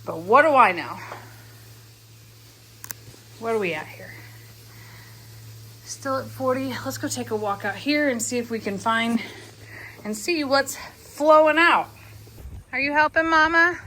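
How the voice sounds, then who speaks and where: Chatty farm woman with a bright voice. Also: high-pitched, a little hiss or hum. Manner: chatty, self-deprecating, coos to animals. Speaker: farm vlogger. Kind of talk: casual vlog narration. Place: outdoors on a farm.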